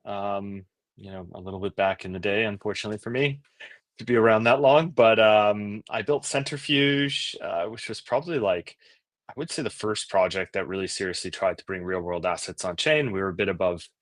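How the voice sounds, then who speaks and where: Low-voiced man explaining casually. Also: a little fast, no room sound. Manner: relaxed, filler-heavy explaining. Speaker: podcast guest. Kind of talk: casual interview chat.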